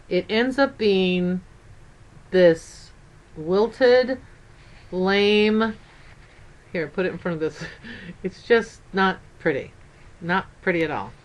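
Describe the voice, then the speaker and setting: A woman's voice: medium pitch, a bit bright. An older woman and grandmother chatting casually in a craft vlog, upbeat and rambling. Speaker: craft vlogger.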